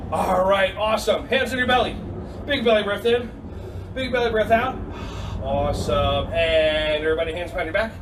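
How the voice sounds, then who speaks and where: A man teaching a silly, energetic online yoga and karate class for kids, teasing them and calling out counts over a video call. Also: high-pitched, moderate pace, recorded from a distance, noisy background. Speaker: kids' yoga and karate instructor. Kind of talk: playful online kids' class.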